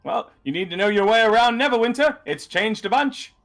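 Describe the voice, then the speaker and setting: A man voicing a loud male street map seller calling out to passers-by. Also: sits high, lively intonation, a little fast, pitched above the performer's own voice. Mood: salesy. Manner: shouting sales patter.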